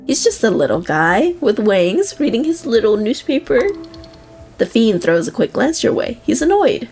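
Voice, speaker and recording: A woman's voice: on the high side, big pitch swings, normal speed, a little mellow, faint music behind. Young woman reading game text aloud. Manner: reads the game text aloud with amused reactions. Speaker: game streamer. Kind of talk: reading and reacting while playing.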